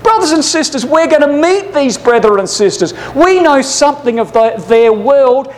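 A man's voice: very high-pitched, lively intonation, normal speed, poor audio. A man teaching a Bible class, preaching fervently and pressing listeners with urgent rhetorical questions. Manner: addresses listeners as brothers and sisters.

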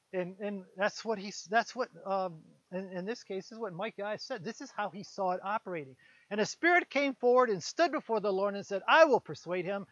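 A man preaching a conversational sermon, retelling a Bible story with quick voiced asides for its characters. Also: high voice, animated, a bit bright, dry recording. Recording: dull, lo-fi sound.

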